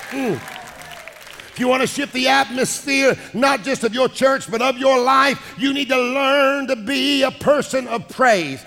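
A male pastor preaching a sermon, shouting and singing his lines and calling out to the congregation. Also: very high voice, a little slow, vocal fry. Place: large church hall with congregation. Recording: echoing hall with music and crowd.

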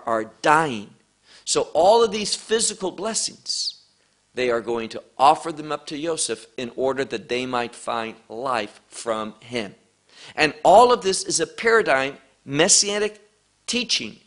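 Slow, deliberate man preaching a sermon. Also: medium pitch, fairly bright tone. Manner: deliberate, asks rhetorical questions; mixes in Hebrew terms. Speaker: Bible teacher. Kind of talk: verse-by-verse sermon.

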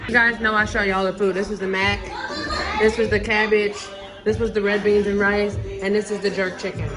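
A woman's voice: mid-range voice, level tone, fairly quick, over music. A young woman vlogging casually from a family party, chatting playfully to her viewers with laughing asides. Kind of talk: casual vlog chat.

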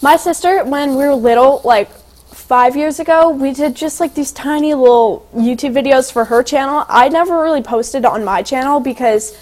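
High-pitched teen girl, chatty interview guest, filler-heavy. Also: moderate pace, a little mellow. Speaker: guest, young singer and actress. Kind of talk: casual interview chat.

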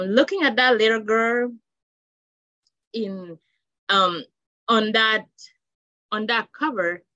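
A woman from Africa, a children's book author, speaking in a heartfelt, halting way with many restarts in an interview. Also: medium pitch, sharp tone, no echo. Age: adult with children. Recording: dull dry lo-fi sound.

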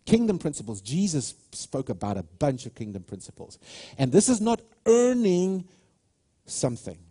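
A man's voice: on the high side, sing-song, moderate pace, mellow, husky. A man preaching a sermon with passion, stressing his points and often restarting his sentences. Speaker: pastor.

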